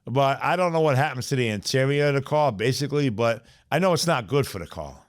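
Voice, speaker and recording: A middle-aged man from the South Bronx, New York, with a New York accent, talks fast in a mid-range voice with lively intonation. He's a podcast guest telling streetwise, profane stories in a casual chat, and he keeps saying "you know what I'm saying."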